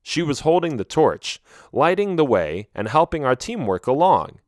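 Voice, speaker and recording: Animated male storyteller. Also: on the high side, normal speed, no room sound, studio quality. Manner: expressive, animated reading. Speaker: audiobook narrator. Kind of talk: first-person storybook narration.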